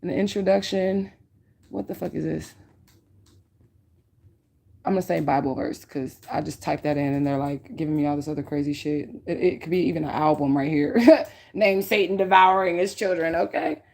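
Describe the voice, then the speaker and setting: A woman's voice: sits low, normal speed, vocal fry, darkish tone. A woman giving a casual spiritual reading, talking bluntly with lots of swearing and a repeated "okay?" to her listeners. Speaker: psychic reader.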